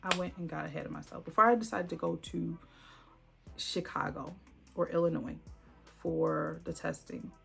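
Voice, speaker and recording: A woman's voice: on the low side, vocal fry. A woman telling a dramatic personal story on her vlog, acting out the voices of the people in it. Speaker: vlogger.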